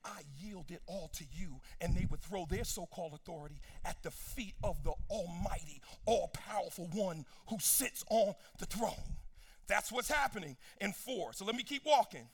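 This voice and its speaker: A man preaching a sermon, reading scripture with casual asides, swinging between soft low passages and sung, shouted peaks. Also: moderate pace, breathy edge.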